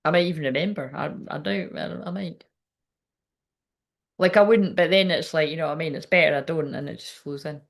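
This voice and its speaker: A woman's voice: sits low, a little fast, gravelly. A woman medium chatting casually during a live reading, rambling, laughing often and swearing freely. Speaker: psychic medium.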